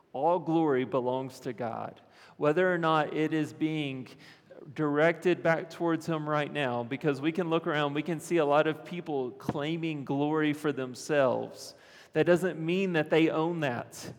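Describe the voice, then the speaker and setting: A man's voice: a little high, unhurried, long reverb tail. A man preaching a sermon as pastor, earnest, often repeating phrases and checking in with the congregation.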